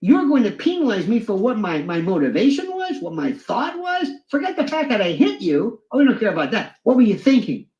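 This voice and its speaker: A man's voice: high voice, huge pitch swings, fairly quick, few pauses, a little mellow. A man talking animatedly about free speech and the law, acting out quotes and courtroom exchanges. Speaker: commentator in a played clip. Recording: roomy, dull lo-fi sound.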